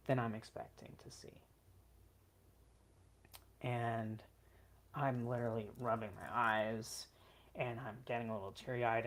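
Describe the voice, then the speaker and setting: A vlogger telling a personal story in an earnest, emotional way, with frequent "like" and "um" fillers. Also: medium pitch.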